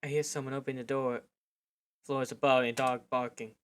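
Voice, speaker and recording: A man reading a visual novel aloud for his gaming channel, breaking off now and then to react with loud swearing. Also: mid-range voice, level tone, brisk, clear, resonant tone. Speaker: gaming video creator.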